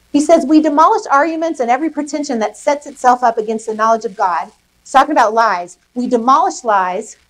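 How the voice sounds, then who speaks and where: A woman pastor preaching a sermon, lively and emphatic, putting questions to the congregation. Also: high voice, poor audio. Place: church service in a rec center.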